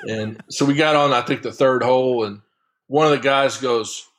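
A man tells a golf story as an interview guest, in a voice pitched squarely in the middle range. He talks in a relaxed, chatty way, chuckling now and then as he goes. The delivery stays loose and friendly, like an easy sit-down conversation. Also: normal speed, slight background noise. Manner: lively, chuckling raconteur. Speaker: guest, long drive golfer. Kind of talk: casual storytelling anecdote.

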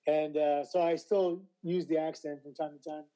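A slightly hoarse man answering interview questions, his voice raised a touch above the usual male range yet very dark and mellow in colour. He tells stories with animated energy, often stumbling and restarting mid-sentence. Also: fairly high pitch, moderate pace, poor audio. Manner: animated storyteller with frequent stammered restarts. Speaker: interview guest, former wrestler. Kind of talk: casual interview chat.

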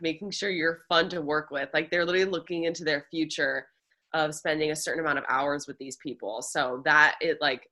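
Low-voiced, bright, gushing woman. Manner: warm, gushing, chatty. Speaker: podcast co-host and choreographer. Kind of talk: casual chat.

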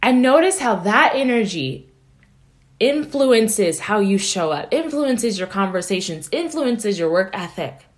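Woman, life coach, motivational talk, earnest, encouraging, medium pitch. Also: animated, a little slow. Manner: earnest, encouraging, often tags "right?".

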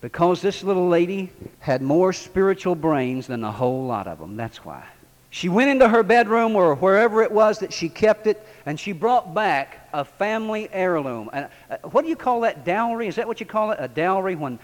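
A man preaching with a high, lively voice that rises and falls all through the sermon. He drops low and quiet, then climbs loud and high. A long reverb from the church hall trails after him. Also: moderate pace.

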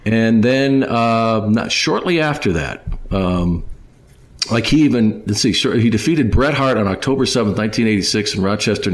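A man hosting a casual podcast, reading out listener questions and laughing along with his co-host. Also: on the low side. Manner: chatty, rambling with fillers and restarts, laughs along.

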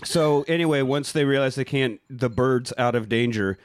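A man's voice: mid-range voice, moderate pace. A man co-hosting a podcast, casually recapping a movie and acting out lines for laughs. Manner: jokey, recaps scenes with put-on quotes. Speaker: podcast co-host.

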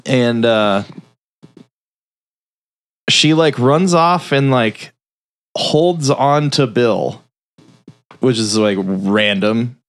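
A man's voice: mid-range voice, extremely slow, pauses often, smooth, dry recording, faint music behind. A man casually retelling a film's plot on a review podcast, rambling and swearing with many fillers. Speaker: film review podcast host. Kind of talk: casual chat.

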